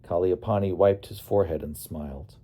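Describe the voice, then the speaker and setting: A man narrating his memoir as an audiobook in a calm, wry storytelling manner. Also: deep voice, fairly quick. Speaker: narrator and bus driver.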